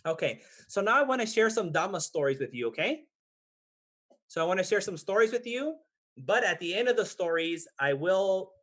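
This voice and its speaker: A man's voice: fairly high pitch, fairly bright tone. A man in his thirties leading a guided breathing practice and a Dhamma talk, patient and checking in with listeners often. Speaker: meditation teacher. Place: temple hall.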